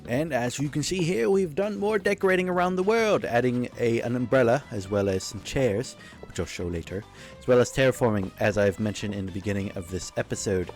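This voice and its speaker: A gaming YouTuber talks casually over his own gameplay video, rambling, joking and correcting himself along the way. His medium-pitched voice is expressive and brisk with a darkish tone, and faint music plays in the background.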